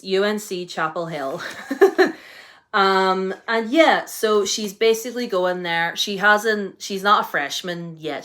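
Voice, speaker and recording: A young woman with a British accent chats through her monthly reading in a relaxed, rambling way, circling back with "um" and "like" as she goes. Her voice sits a little low for a woman. She sounds keen about the books she loved. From United Kingdom. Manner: chatty and rambling, many fillers and restarts, enthusiastic. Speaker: book vlogger. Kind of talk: casual book review chat.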